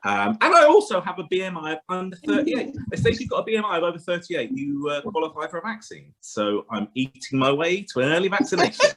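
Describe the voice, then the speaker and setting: A man in his forties performs stand-up in a chatty, rambling way, often turning to the crowd with questions. His voice sits a little high and swings widely in pitch. The live recording is noisy. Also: sing-song, fast, hardly any pauses. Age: 40s. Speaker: stand-up comedian. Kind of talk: stand-up comedy.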